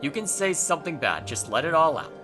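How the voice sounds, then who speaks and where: Casting: relaxed, wry male let's-play host, lively pitch, game music underneath. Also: fairly quick. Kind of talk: casual game commentary and dialogue reading.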